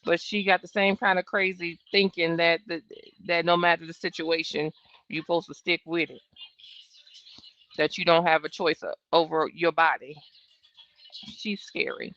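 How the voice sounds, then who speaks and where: Her voice is fairly low, a bit bright and level in tone, at a moderate pace, as this woman in her thirties runs a live stream watching a trial. She comments casually with bluntness, sass and profanity, over dull, dry home stream audio.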